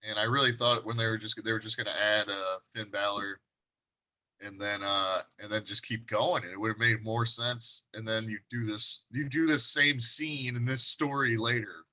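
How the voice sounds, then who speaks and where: A man's voice: on the low side, fairly even intonation, moderate pace, sharp tone. A man co-hosting a casual podcast about wrestling, rambling and hesitant, with many restarts. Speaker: podcast co-host. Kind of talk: casual chat.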